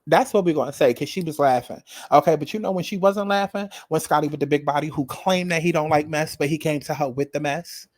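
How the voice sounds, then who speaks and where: A man's voice: on the high side, brisk, few pauses, darkish tone, dry recording. Sassy, profane male reaction commentator. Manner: sassy, dramatic, profane, talks straight to the viewer.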